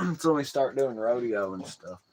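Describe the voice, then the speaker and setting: A man's voice: mid-range voice, big pitch swings, unhurried, a little hiss or hum. A man hosting a casual live stream, joking, laughing often and cursing freely.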